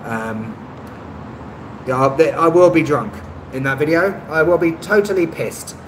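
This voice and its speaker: With a fairly high-pitched, unhurried voice, this live-stream host rambles hesitantly through viewers' comments, full of ums and self-deprecating remarks. He uses a phone on a stabilizer, and the rough recording is roomy with slight background noise.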